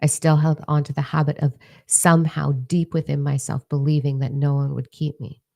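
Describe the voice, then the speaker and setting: Speaking at a normal pace with little pitch movement, a middle-aged woman delivers a frank motivational talk in a low, gravelly voice that's dark and mellow. The motivational speaker is blunt, curses freely and repeats words to stress them.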